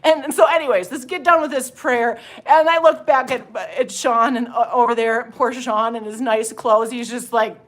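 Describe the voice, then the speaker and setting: Woman, middle-aged, prophetic minister, animated storytelling, exclamatory, slightly high voice. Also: normal speed, hardly any pauses. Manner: animated storytelling, exclamatory, addresses listeners as honey. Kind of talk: testimony and prophetic exhortation.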